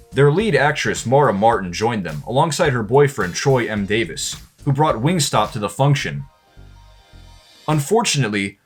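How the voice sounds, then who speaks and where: A man narrating a behind-the-scenes film in a deadpan, mock-ominous documentary style. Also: mid-range voice, breathy edge.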